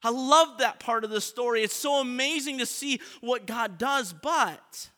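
A man preaching a sermon in an earnest way, often letting his voice drop soft at the ends of points. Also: very high-pitched, measured pace. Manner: earnest, often trailing off softly. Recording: long reverb of a large hall.

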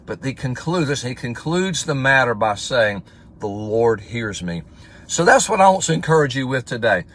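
A man's voice: mid-range voice, lively intonation, fairly quick, a bit bright, husky. A man giving a casual livestream devotional as pastor, talking in a conversational way and reading scripture aloud with emphasis.

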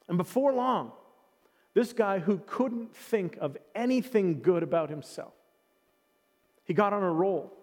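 Male pastor, earnest storyteller, stumbles over restarts, high voice, long hall reverb. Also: expressive, unhurried, pauses often, darkish tone. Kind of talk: sermon with storytelling.

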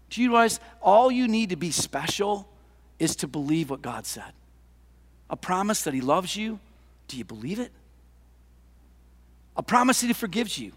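Impassioned older male pastor, high voice. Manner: impassioned, rhetorical questions, swings between loud and hushed. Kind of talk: sermon. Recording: long hall reverb.

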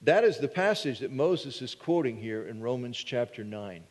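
A pastor preaches earnestly, working through difficult questions out loud and occasionally restarting a phrase. His medium-pitched voice is expressive and a little mellow, at a moderate pace, with long hall reverb on the recording.

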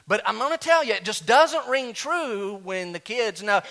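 A man preaching a sermon as pastor, animated, swinging from loud high exclamations down to low quiet asides. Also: moderate pace, hardly any pauses.

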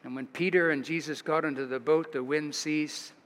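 Animated American pastor preaching in a reverberant church. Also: male voice, normal speed. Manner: animated, chuckling storyteller, rises in pitch for dramatic moments. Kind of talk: sermon. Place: church sanctuary.

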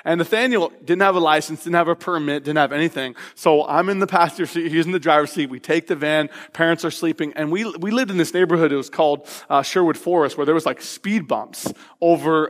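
High-voiced pastor in a reverberant hall. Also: male voice, fast, hardly any pauses. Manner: animated, laughing storyteller, casual fillers. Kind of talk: sermon with personal storytelling. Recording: long reverb of a large hall.

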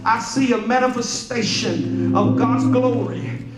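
A man preaching a sermon as pastor, swelling into chanted, sing-song peaks and dropping low and soft when quoting scripture. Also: measured pace, far from the mic. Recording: roomy church hall with music behind.

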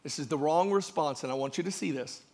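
A man preaching a sermon, joking with the congregation and building from quiet asides to shouted emphasis. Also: fairly high pitch, fast. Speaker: pastor.

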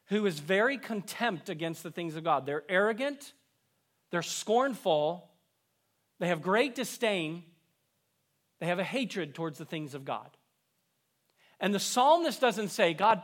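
A man preaching a sermon, rising with emphasis and dropping low at the ends of phrases. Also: a bit bright. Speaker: pastor.

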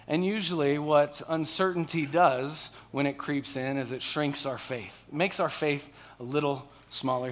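A man preaching a sermon from a stage, conversational, often checking in with the crowd. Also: fairly high pitch. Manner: conversational, frequent "all right?" and "okay?" check-ins.

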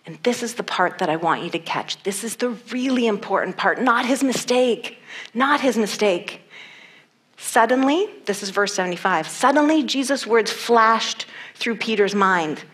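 A woman's voice: medium pitch, animated, normal speed, fairly bright tone. A woman preaching a sermon and reading scripture, earnest and emphatic, repeating key phrases for weight.

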